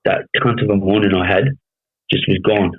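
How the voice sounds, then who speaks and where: A man in his thirties with a broad Australian accent tells his story in a casual podcast chat, blunt and full of swearing, always checking in with "you know what I mean". His voice sits fairly low. The sound is narrow and tinny, like a phone line. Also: little pitch movement, normal speed. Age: 30s. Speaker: podcast guest.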